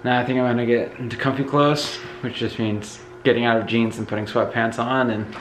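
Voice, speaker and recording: A man's voice: mid-range voice, a little fast, slight background noise, low-quality recording. A man with congested lungs and a Northeastern US accent, talking casually in a tired, rambling way while vlogging as he moves around his house. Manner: tired, relaxed and rambling, with fillers. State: congested lungs, occasional coughing. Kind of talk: casual home vlog. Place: house, moving between rooms.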